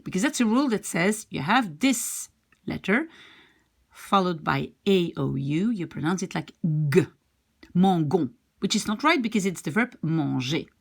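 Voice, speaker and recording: A woman's voice: lowish voice, animated, normal speed, gravelly, breathy edge. A woman teaching a language lesson, explaining patiently, repeating examples step by step, with Dutch as her first language.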